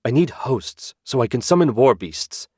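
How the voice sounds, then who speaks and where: A man's voice: medium pitch, animated, moderate pace, a little mellow, breathy edge, no room sound, studio quality, pitched above the performer's own voice. A man voicing a cold, proud male necromancer lord in an audiobook, speaking in a haughty tone. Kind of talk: audiobook character voice.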